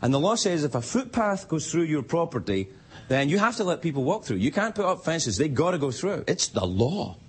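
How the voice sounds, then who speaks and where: A man's voice: a little high, very animated, brisk. A Scottish man hosting a late-night talk show, delivering a rambling, self-mocking stand-up monologue. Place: television studio with live audience. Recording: studio audience laughter and noise.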